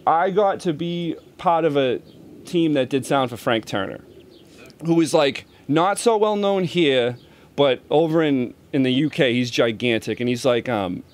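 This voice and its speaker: A man in his thirties, a touring roadie and musician, chatting as a podcast guest in a laid-back, profane and self-deprecating way. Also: mid-range voice. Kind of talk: casual interview chat.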